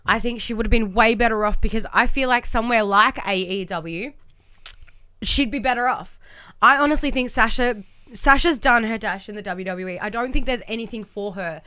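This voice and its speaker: A woman's voice: fairly high pitch, moderate pace, bright, forceful tone, clear, resonant tone, dry recording. A young woman, co-hosting a casual podcast and ranting heatedly with lots of swearing. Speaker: podcast co-host.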